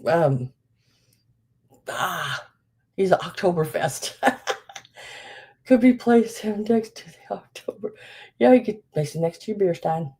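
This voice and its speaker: A woman's voice: on the low side, lively intonation, takes it slowly, pauses often, warm tone, husky. A middle-aged woman hosting a live vintage sale, chatting casually with many fillers and laughing at herself. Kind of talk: casual live-stream selling.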